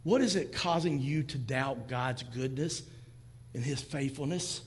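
A man's voice: medium pitch, a little slow, big-room sound, a little hiss or hum. A man in his fifties preaching a sermon to a church congregation, talking in a conversational way and acting out quoted lines. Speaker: pastor. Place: church sanctuary.

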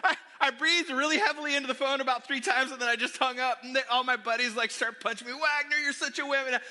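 A man preaching a sermon, telling a funny self-deprecating story from his childhood to the congregation in an animated way. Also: very high voice, fast talker. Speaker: pastor. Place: church sanctuary. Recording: long hall reverb.

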